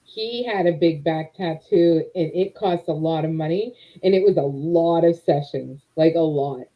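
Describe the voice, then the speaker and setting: A woman's voice: deep voice, measured pace. Giggly tipsy woman on a lo-fi stream. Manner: giggly, teasing. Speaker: livestream host. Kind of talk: casual chat. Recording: dull lo-fi stream audio.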